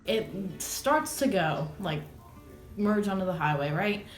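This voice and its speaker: A woman's voice: medium pitch, lively intonation, slow, faint music behind. A young adult woman casually telling a dramatic personal story on her vlog, swearing, laughing and exaggerating as she goes. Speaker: vlogger. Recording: echoey room.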